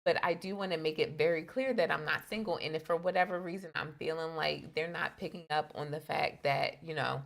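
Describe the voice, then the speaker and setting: A woman's voice: low voice, steady tone, brisk, creaky, hardly any pauses. A young adult woman co-hosting a casual relationship podcast, telling candid stories in an earnest way. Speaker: podcast co-host. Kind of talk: casual chat.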